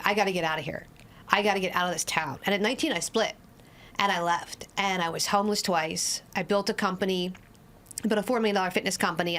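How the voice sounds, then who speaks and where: Podcast guest: woman in her 40s, blunt and lively storyteller with a salty tongue. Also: medium pitch. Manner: blunt, lively storyteller who swears freely. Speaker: addiction specialist guest. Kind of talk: candid conversational storytelling.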